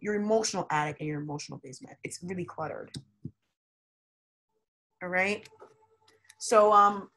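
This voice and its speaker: A woman giving a casual tarot reading to camera, chatty and excitable, laughing often and talking in slang. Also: medium pitch, slightly rough. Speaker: tarot reader.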